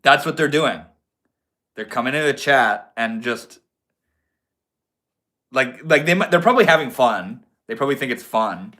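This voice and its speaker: A man's voice: mid-range voice, lively intonation, moderate pace, pauses often, bright, forceful tone. A young man from Maine hosting a casual livestream, chatting in a slangy, laid-back way and answering viewers. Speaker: livestream host.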